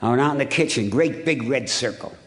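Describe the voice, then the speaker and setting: A man's voice: medium pitch, brisk, fairly bright tone. A man from Ohio telling his recovery story to a hall audience, punchy and wry, with lots of repetition. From Ohio, USA. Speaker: recovery meeting speaker. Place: hotel conference hall.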